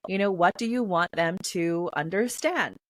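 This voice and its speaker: A woman guest in an interview, explaining in a chatty, animated way with many filler phrases. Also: lowish voice, normal speed, dry recording, rough recording. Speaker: poetry reader and performer, interview guest.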